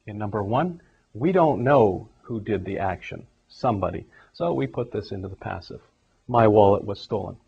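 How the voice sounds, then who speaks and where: A man teaching English grammar, explaining examples step by step in a steady classroom manner. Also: on the low side, moderate pace, vocal fry, husky. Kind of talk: grammar lesson. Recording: dull lo-fi recording.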